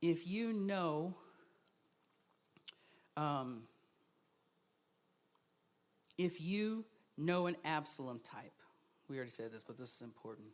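A man preaching a sermon as a guest speaker, swinging between hushed asides and loud, emphatic bursts and laughing often. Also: fairly high pitch, expressive, unhurried, pauses often.

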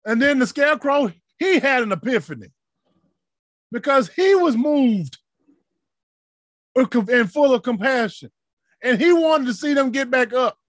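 A man preaching with fervor, his voice sitting unusually high and rising into shouted peaks before falling to murmured asides. The sound is close and dry, with no room around it. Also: lively intonation, a little slow, pauses often, dry recording. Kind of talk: sermon.

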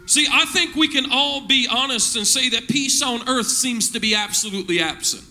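A male pastor preaching a sermon in church, using call-and-response and rising to shouts. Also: very high voice, normal speed.

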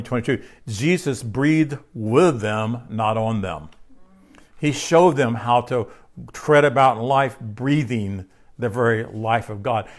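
A man preaching a sermon in a conversational way, asking his listeners questions and repeating key phrases. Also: mid-range voice. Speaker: pastor.

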